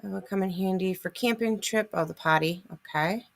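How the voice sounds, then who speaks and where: A woman's voice: medium pitch, normal speed, creaky. A middle-aged woman hosting a casual livestream, chatting through a list of grocery deals and answering viewer comments. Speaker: host of a couponing livestream.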